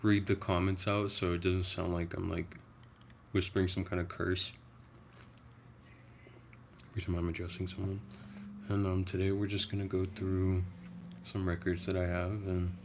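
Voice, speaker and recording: A young man chats casually on a livestream, rambling along in a soft, low-key way. His voice sits very low with a gravelly fry, and a faint hiss of noise runs underneath. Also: flat delivery, measured pace, long pauses. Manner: soft-spoken, rambling, chatty. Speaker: livestream host.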